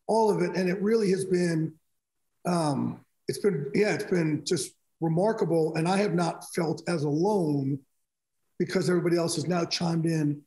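The room is echoey as a middle-aged man, a sports broadcaster guest, tells stories in a casual interview. His voice is fairly high and his pace moderate, and he animatedly acts out conversations in quotes.

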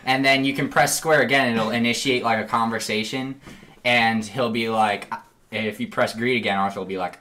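Animated young man, bright and forceful. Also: mid-range voice, a little fast. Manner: animated storytelling, acting out game lines with laughs. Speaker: podcast guest. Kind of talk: casual podcast chat.

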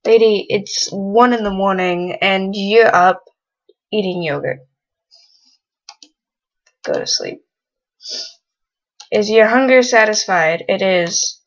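A woman's voice: mid-range voice, measured pace, highs cut off. A young woman casually commenting on a life-sim game she is playing and talking to its characters in a teasing way. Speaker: let's play gamer.

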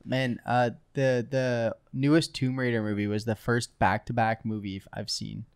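A man's voice: medium pitch, level tone, moderate pace, gravelly, clear, resonant tone, no echo, studio quality. A young man co-hosting a podcast, easygoing and telling anecdotes in casual chat. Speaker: podcast co-host.

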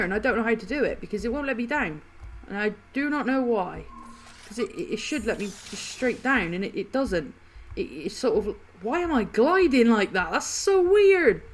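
A gaming channel host with a fairly high voice chats her way through a video game in casual commentary. She gets excited easily, laughs a lot, and reacts loudly to what happens on screen.

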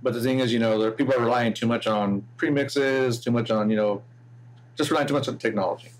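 A man's voice: mid-range voice, fairly even intonation, fast. A middle-aged man, a DJ being interviewed, talking in an easygoing, casual way with lots of "you know" fillers. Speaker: DJ guest.

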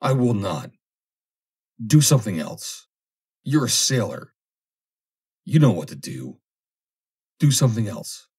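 A man reading an audiobook, voicing a terrified, cowardly grown man who pleads in a shrill, panicky voice. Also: big pitch swings, measured pace, pauses often, darkish tone, husky, heavily acted. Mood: pleading. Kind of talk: audiobook character voice.

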